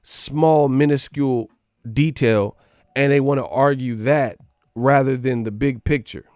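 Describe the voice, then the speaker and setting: A man's voice: mid-range voice, measured pace, a little mellow, clean tone, no echo, clean studio sound. A cocky man ranting about boxing, talking brashly and swearing a lot. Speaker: boxing commentator. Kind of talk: profane ranting monologue.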